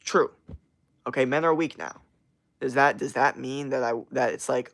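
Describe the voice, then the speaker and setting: A man's voice: mid-range voice, normal speed, vocal fry, pauses often, a bit bright. A young man chatting casually on a livestream, rambling with lots of fillers and slang as he answers chat comments. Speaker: streamer.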